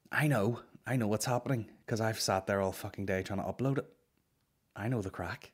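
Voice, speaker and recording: A man's voice: lowish voice, husky. A young man hosting a comedy podcast, ranting in a casual, exasperated way and swearing constantly. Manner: heavy swearing, exasperated ranting, quick acted-out quips. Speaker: podcast host. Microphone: studio podcast microphone.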